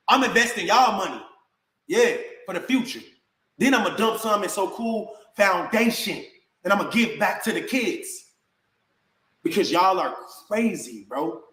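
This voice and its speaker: A man's voice: high-pitched, animated, unhurried, pushed and bright, reverberant, poor audio. A man delivering a heated, confrontational rant straight to camera, full of slang. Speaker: online personality.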